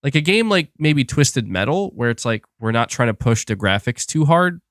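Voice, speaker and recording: Excitable young man rambling on a podcast. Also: mid-range voice, normal speed, dry recording, clean studio sound. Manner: rambling, excitable, frequent restarts and laughs. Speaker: podcast host reading super chats. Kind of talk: casual live-stream chat.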